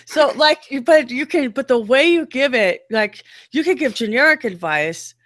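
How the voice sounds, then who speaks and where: Woman co-hosting a chat show, low voice, lots of playful put-on voices, dry close sound. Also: moderate pace, no echo. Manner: animated, playful impressions of other voices. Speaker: podcast co-host. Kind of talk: casual chat.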